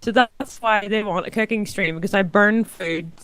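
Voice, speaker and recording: Woman guest, smooth clear voice, chatty with restarts, dry recording. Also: medium pitch, a bit bright, no room sound. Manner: chatty, halting, laughing. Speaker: streamer guest. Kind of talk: casual podcast interview chat.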